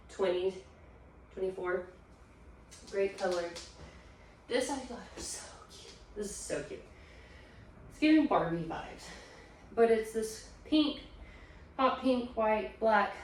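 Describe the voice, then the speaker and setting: A woman's voice: medium pitch, far from the mic, a little hiss or hum. Chatty young woman in an echoey room. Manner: chatty, trails off with fillers while sorting items. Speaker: reselling vlogger, stay-at-home mom. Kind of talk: casual chat showing a thrift haul.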